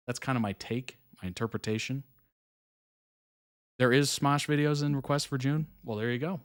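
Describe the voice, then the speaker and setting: A man with a medium-pitched voice hosts a live reaction stream, speaking at a moderate pace with long pauses. He's relaxed and chatty, reads viewer comments aloud, and often breaks into soft laughs, with fillers throughout.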